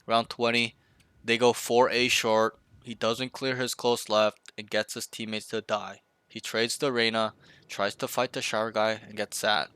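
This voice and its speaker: A man coaches a student through a match review in a casual session, talking bluntly and cursing freely, and often imitates team callouts to show how they should sound. His voice sits on the low side yet is bright and forceful, with a flat, unhurried delivery. The recording is dry, close and clean, with no echo or room sound.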